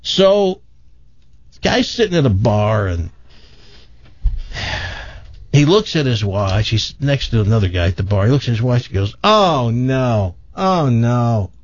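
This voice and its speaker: Male morning-show host, lively storyteller, dry muffled booth sound. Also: fairly low pitch, a little slow, pauses often, no echo. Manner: animated storyteller, acts out characters. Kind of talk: joke telling on morning radio.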